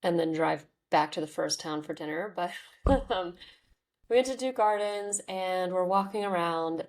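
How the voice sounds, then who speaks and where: A woman's voice: on the low side, a little mellow. A woman in her thirties, hosting a podcast and telling a personal story in a chatty, candid way, full of "like"s and "um"s. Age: 30s. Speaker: podcast host.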